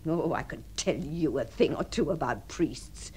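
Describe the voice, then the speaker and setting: An actress in a radio drama playing a refined, lonely woman who imagines she is about to marry, her voice moving between breathy tenderness and giddy excitement. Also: low-pitched, unhurried, exaggerated voice. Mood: dreamy, coy. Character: deluded lonely upper-class spinster dreaming of marriage. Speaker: the Princess.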